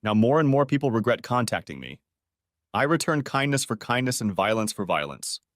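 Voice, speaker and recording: A man voicing a big male prison inmate who speaks slowly and measuredly. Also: mid-range voice, very animated, fairly bright tone, no room sound, clean studio sound. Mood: apologetic.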